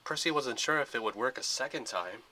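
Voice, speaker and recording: A man narrates an adventure story with a steady, expressive read. His voice is very bright and sharp, at an ordinary pitch for a man. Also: brisk, slight background noise, poor audio.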